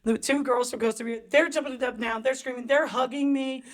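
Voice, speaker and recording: Animated middle-aged woman telling a story. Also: quick pace. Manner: animated, acts out quotes in high voices; swears freely, laughs often. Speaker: podcast co-host. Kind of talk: casual storytelling chat.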